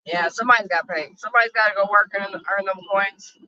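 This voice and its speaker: A woman's voice: mid-range voice, fast, sharp tone, dry recording, dull audio. A woman vlogging in casual chat while driving an RV, blunt and profane. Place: inside a small RV on the road.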